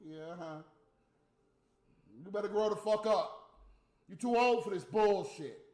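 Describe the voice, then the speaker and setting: A man's voice: animated, moderate pace, a little mellow, reverberant. A man talking casually and profanely to his viewers on a livestream, mocking and ranting. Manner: profane, mocking, mimics high squeaky voices.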